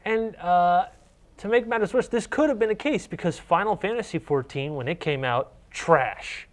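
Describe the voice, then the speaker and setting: A man's voice: sits high, animated, normal speed. Young man ranting about games. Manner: ranting, restarts often. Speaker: co-host. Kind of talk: casual gaming news chat.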